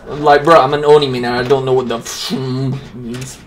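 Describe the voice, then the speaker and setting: A man giving casual, jokey commentary over a video game, swearing freely and reacting loudly. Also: mid-range voice, moderate pace, vocal fry, a little hiss or hum. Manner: excitable, swears a lot, jokey. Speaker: gaming YouTuber.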